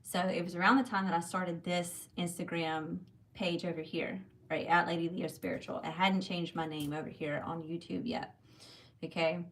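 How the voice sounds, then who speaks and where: This is a woman in her thirties with a drawl, hosting a live tarot reading. Her voice sits a little low, and she talks in a loose, rambling way, calling her viewers "y'all" and tagging "okay?" onto her points. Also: fairly even intonation, normal speed. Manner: chatty, warm direct address with many "okay?" and "y'all". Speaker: tarot reader on a livestream.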